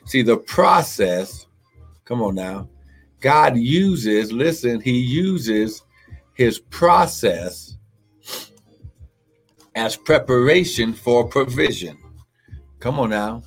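A man's voice: mid-range voice, lively intonation, slow, pauses often. Fervent preacher man, faint music behind. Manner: fervent, repetitive exhortation with tongues and "glory" interjections; greets online viewers by name. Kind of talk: live-streamed sermon.

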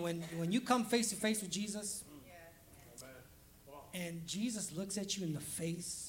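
Playful high-voiced male preacher. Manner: playful, laughs often, acts out quoted voices. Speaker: pastor. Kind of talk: casual humorous sermon.

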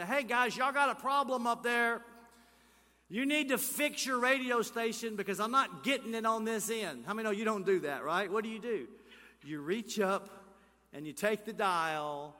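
A male pastor preaching a sermon, rising to emphatic calls, dropping to hushed near-whispers, and asking the congregation questions. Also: high voice. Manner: asks the congregation questions and leads call-and-response. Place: church sanctuary. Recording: church hall reverb.

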